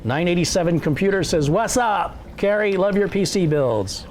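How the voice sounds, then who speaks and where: A man hosts a casual, chatty livestream, reading viewer messages aloud and making self-deprecating jokes. His voice sits high and sounds animated and darkish, at a normal speed, with slight background noise.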